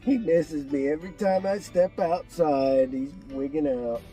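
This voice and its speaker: A man's voice: on the high side, measured pace, mellow, faint music behind. A man who drives trucks, talking in a casual, playful, joking way for his vlog. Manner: joking, playful, laughs easily.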